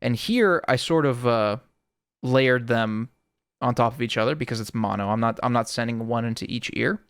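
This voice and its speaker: Guy walking through a sound design tutorial, smooth voice, super dry close mic, laid-back. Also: mid-range voice, moderate pace, dry recording. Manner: laid-back explaining with frequent "sort of". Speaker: music producer explaining sound design. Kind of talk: casual audio tutorial. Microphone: close studio microphone.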